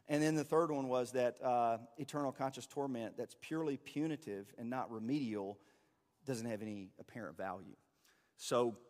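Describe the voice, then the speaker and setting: A man's voice: mid-range voice, big-room sound. A man teaching a church class in a conversational, explaining way, with fillers and restarts. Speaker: pastor or teacher.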